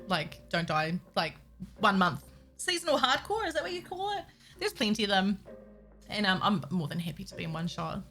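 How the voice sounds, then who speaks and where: A young woman streaming a building game, chatting casually with viewers, giggly and excitable and reacting loudly to surprises. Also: mid-range voice. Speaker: Minecraft streamer. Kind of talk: casual live-stream chat. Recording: faint music under the voice.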